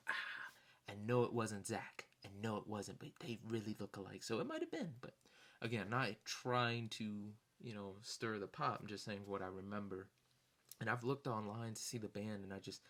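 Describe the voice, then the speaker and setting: Young dude rambling through a story, lots of "you know", squeaky when he quotes people. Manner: animated, acts out others in sudden high-pitched voices. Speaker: vlogger recounting concert memories. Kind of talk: casual storytelling.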